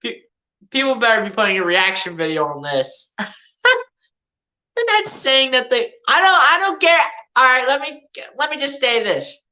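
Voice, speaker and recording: Bright-voiced woman doing fan play-by-play. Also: a little high, moderate pace. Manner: animated trash-talking fan, laughs often. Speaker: fan streaming live play-by-play. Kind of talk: live play-by-play commentary. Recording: roomy echo.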